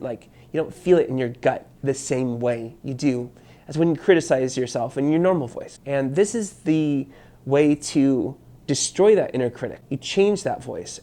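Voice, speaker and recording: A man's voice: mid-range voice, mellow. A man talking to the camera as a self-help coach, earnest, often repeating and restarting phrases. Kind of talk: casual talk to camera.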